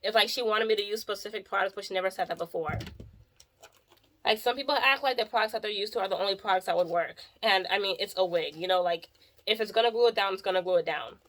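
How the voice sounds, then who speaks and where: Over slight background noise, a mobile hairstylist with a medium-pitched, fairly bright voice speaks at a quick pace. It's a casual storytime vlog about a client, delivered in an exasperated, chatty style packed with "like."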